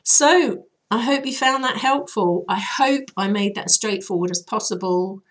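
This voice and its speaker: A woman healer hoarsely guiding listeners through an emotional release process in a chatty, rambling way, with many fillers. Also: mid-range voice, a little slow. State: voice hoarse and troubled. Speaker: healer and channel host. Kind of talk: casual spoken guidance.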